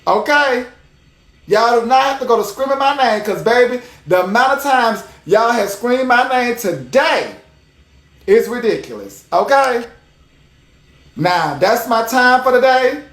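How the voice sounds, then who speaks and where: Sassy livestream host, lively sing-song voice. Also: mid-range voice, measured pace, echoey room. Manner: sassy, emphatic, repeats phrases for effect. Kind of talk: casual live commentary to viewers.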